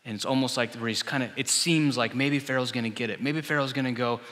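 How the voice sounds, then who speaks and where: A man's voice: mid-range voice, fairly even intonation, quick pace, hardly any pauses, a bit bright, in a large hall. A male pastor preaching a sermon, telling the story with animation and acting out the voices he quotes. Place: church hall.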